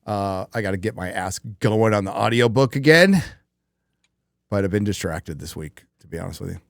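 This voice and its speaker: A man's voice: on the low side, expressive, normal speed, gravelly, no room sound, clean studio sound. A man hosting a casual live stream, talking bluntly with frequent swearing. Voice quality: profane, blunt. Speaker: livestream host.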